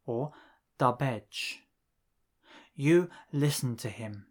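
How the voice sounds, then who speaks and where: Guy reading out a language lesson really slow, careful, pausing between phrases. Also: mid-range voice. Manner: measured, pauses between drill phrases. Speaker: language teacher. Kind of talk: scripted lesson narration.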